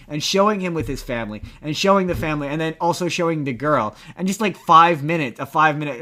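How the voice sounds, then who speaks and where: A man co-hosting a podcast in casual chat, retelling a film scene by scene and acting out its lines. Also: on the high side. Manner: animated, acts out movie lines in quick retellings. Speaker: podcast co-host.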